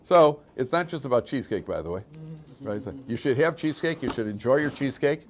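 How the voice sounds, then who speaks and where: Man, rabbi's talk, storytelling, jokey, pitch swoops up and down. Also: a little fast, slight background noise. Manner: animated storyteller, jokey asides, frequent restarts. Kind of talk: informal Torah class with a told story.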